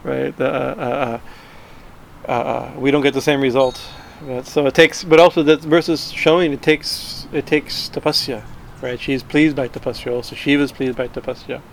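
A man's voice: medium pitch, steady tone, normal speed, gravelly, a little hiss or hum, poor audio. Man giving a rambling scripture talk. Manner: rambling, frequent "right?" tags and restarts. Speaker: spiritual teacher.

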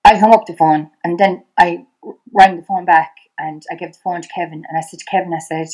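A woman's voice: on the low side, fairly even intonation, a little fast, a little mellow, rough recording. Irish woman retelling in urgent bursts. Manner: repeats "I said" constantly, re-enacts dialogue with rising voice. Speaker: podcast guest. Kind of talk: emotional personal storytelling.

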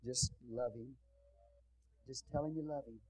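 A man's voice: medium pitch, a little slow, darkish tone, no echo, poor audio. A male pastor preaching and praying before his congregation, talking in a folksy, chatty way with asides to the people in the pews. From Texas. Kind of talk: sermon and prayer.

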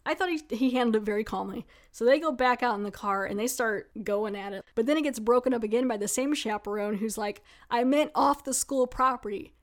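A woman's voice: fairly high pitch, fast talker, few pauses. A young adult woman casually recapping a horror film she has watched. She talks in a chatty way with lots of "like" fillers and wry asides. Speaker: movie reviewer.

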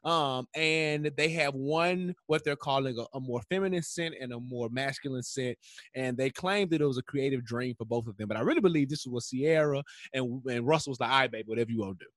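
A man co-hosting a casual podcast, animated and laughing often as he chats. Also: mid-range voice, normal speed, dry recording, clean studio sound. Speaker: podcast co-host. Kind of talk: casual chat.

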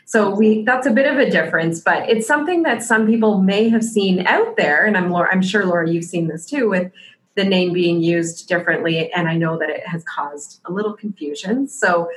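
A woman's voice: lowish voice, normal speed. A woman hosting a podcast interview, speaking in a friendly, explanatory way. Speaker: podcast host.

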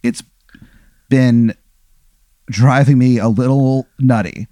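A man's voice: medium pitch, slow pace, mellow, no echo, lightly acted. A man doing a lonely, earnest trapped man. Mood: tearful. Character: lonely trapped man, emotional, wheelchair user.

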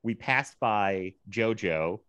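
A man in his thirties from Virginia, co-hosting a podcast, telling animated stories with frequent laughter. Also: fairly low pitch, slow pace, smooth, no room sound, highs cut off. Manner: animated storytelling, laughs often, quotes people in lively voices. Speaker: podcast co-host. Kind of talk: casual chat.

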